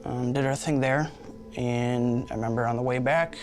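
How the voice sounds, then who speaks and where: A man's voice: mid-range voice, fast, over music. A young man, the younger brother, earnestly recounting events in a documentary interview.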